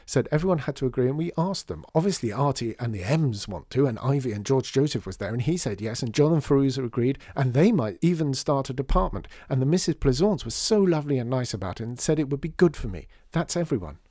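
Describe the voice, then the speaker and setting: A man reading a storybook voices an eager little girl who talks loudly and insistently. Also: mid-range voice, quick pace, few pauses, dry recording, studio quality, voice pushed up, natural voice. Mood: excited. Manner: loud, breathless excitement.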